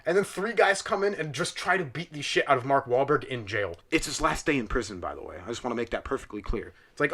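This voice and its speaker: Talking quickly with hardly a pause, this young podcaster has a voice on the high side. He delivers a casual, comedic rant about a film, full of swearing and over-the-top, lively storytelling.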